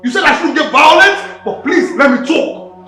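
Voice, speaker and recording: A man with a Nigerian accent playing a grieving, furious husband who shouts and stammers with rage. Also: very high-pitched, sing-song, moderate pace, heavily acted. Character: grieving furious husband accusing his wife. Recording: echoey room with film music.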